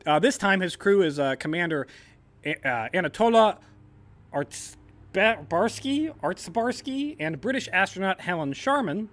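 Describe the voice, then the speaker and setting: A man with a somewhat high voice tells a story in a loose, joking podcast chat. He keeps it casual and slips into silly voices for the people he quotes. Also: lively intonation, unhurried, a bit bright. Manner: laid-back, jokey, acts out quotes in silly voices. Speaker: podcast host.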